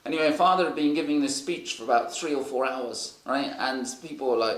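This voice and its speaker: A man's voice: mid-range voice, a little fast, hardly any pauses. A man preaching, telling rambling anecdotes full of fillers. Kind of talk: sermon storytelling. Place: church hall. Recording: echoey hall.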